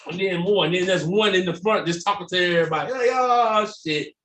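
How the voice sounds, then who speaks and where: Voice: medium pitch, brisk, distant mic, slight background noise. A podcast co-host in casual chat, telling stories with lots of swearing and acting out the voices of the people he quotes. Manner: animated storyteller, acts out quoted voices, swears freely. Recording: roomy echo, somewhat off mic.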